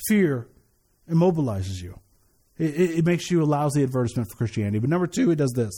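A male pastor preaching a sermon in a lively, conversational way, often repeating words as he restarts. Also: a little high, quick pace, slightly rough.

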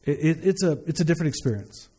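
A man's voice: a little high, animated, fast, mellow, husky. A man giving a conversational sermon as a pastor, earnest, repeating key phrases and often restarting his sentences. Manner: frequent stammered restarts.

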